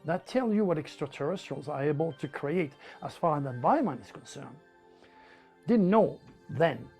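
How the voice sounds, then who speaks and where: A man from France with a French accent, telling a personal story in an animated, emphatic way. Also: fairly high pitch. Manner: animated, emphatic, with repetitions and laughs.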